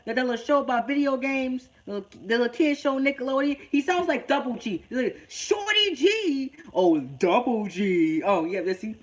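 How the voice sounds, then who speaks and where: A man's voice: very high-pitched, fairly bright tone. A man giving a casual podcast-style wrestling review. He stammers and repeats words often, and he rants in exasperation. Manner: ranting, exasperated.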